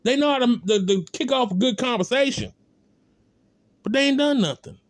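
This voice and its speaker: A man's voice: extremely high pitch, animated, moderate pace, no room sound. A man giving a blunt, impassioned spoken rant, hammering points with repeated rhetorical calls and casual speech. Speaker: commentator.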